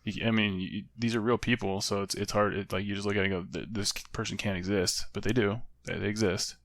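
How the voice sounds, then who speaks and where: A man co-hosting a podcast, relaxed and joking in casual chat. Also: on the low side, fast talker, no echo. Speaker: podcast co-host.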